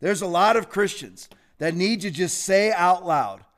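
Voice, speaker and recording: A man hosting an opinionated commentary show, sarcastic and fiery, with sudden loud outbursts. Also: sits high, measured pace. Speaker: Christian commentary host.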